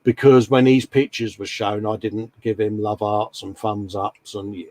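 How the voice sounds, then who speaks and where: A man hosts a casual live-stream chat in a warm, fairly low voice that barely moves in pitch, at a moderate pace with a dry recording. He's chatty and friendly, rambling along and calling everyone mate.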